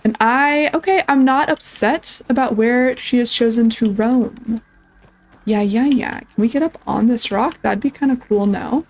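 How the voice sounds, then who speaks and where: A woman's voice: on the high side, unhurried, low-quality recording. Chatty woman narrating her gameplay. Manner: chatty, talks to game creatures; excitable yelps and squeals. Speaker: gameplay streamer. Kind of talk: casual let's-play commentary.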